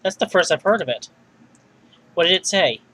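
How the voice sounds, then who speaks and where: A man reading the lines of a young woman who asks quick, surprised questions, in his own voice. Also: high voice, lively intonation, pushed and bright, full character voice. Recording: faint music behind.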